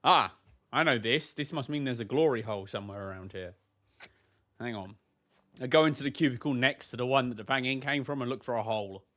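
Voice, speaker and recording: A man's voice: medium pitch, a little fast, fairly bright tone. A man playing in a tabletop game, joking playfully with the group. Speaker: player.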